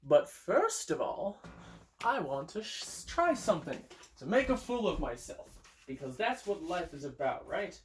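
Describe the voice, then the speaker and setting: A man's voice: high-pitched, sing-song, unhurried, slight background noise. A young man chatting casually while playing guitar in a room at home, thinking aloud with hesitant restarts, recorded on a phone. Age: young adult. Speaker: amateur songwriter streaming a guitar session.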